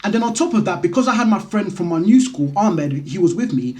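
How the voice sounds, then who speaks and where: A man's voice: high voice, expressive, brisk, darkish tone. A young man casually telling a story from his school years, peppering it with "you know what I mean".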